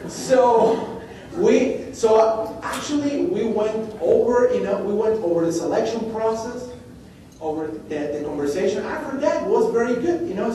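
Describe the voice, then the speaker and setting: High-voiced man giving a keynote in an echoey hall. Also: dark tone. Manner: anecdotal, acts out dialogue. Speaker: keynote speaker. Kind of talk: conference keynote, storytelling. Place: large conference hall. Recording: echoey hall, distant mic, faint noise.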